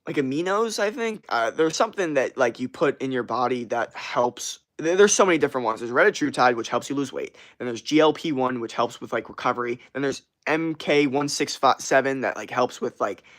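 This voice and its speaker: A man's voice: mid-range voice, a bit bright. Rambling, profane young man streamer. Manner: rambling, profane, slangy, laughs often. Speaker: streamer answering chat. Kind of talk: casual livestream chat.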